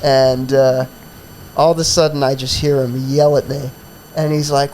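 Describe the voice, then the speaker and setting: A man's voice: medium pitch, flat delivery, normal speed, darkish tone, a little hiss or hum, rough recording. A man who hosts a comedy podcast, telling a profane, rambling story in a casual chat full of fillers.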